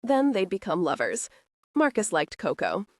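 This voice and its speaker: A woman narrating a romantic thriller audiobook with expressive storytelling. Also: mid-range voice, normal speed, no room sound, studio quality.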